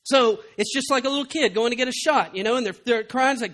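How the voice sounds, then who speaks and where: Male preacher, high bright tone, passionate sermon with big dynamic swings. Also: fast, few pauses. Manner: impassioned, swinging from loud to hushed. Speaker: pastor. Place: church.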